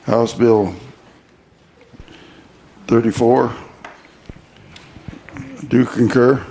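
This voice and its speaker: A man, a state representative, explaining a bill on the floor in a halting way. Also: mid-range voice, level tone, warm tone, slight background noise. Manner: halting, with fillers and restarts.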